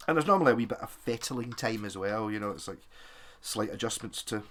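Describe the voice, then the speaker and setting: His lowish voice has lively intonation and a fairly bright tone, and he speaks fairly quickly over a little hiss or hum. A guitar tinkerer and video maker, he works on a guitar with his hands while thinking aloud in chatty, self-mocking commentary.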